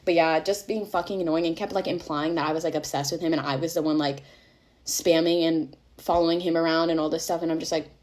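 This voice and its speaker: Fast-talking exasperated young woman. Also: low-pitched, steady tone, a little mellow. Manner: chatty, exasperated, swears freely, heavy use of "like". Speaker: storyteller. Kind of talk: casual storytime monologue.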